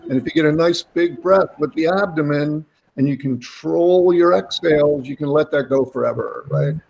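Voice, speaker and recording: A man's voice: fairly high pitch, moderate pace, gravelly, poor audio. A man leading a voice workshop, coaching participants step by step through breathing and vocal exercises in an encouraging way. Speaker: voice workshop leader. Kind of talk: guided vocal exercise instruction.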